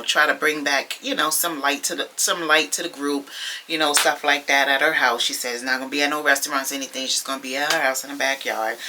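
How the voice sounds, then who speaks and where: Sassy chatty woman, bright sharp voice. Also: extremely low pitch, a little hiss or hum, low-quality recording. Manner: chatty, sassy, addresses viewers as y'all, many fillers. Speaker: reality TV recap vlogger. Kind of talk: casual recap commentary.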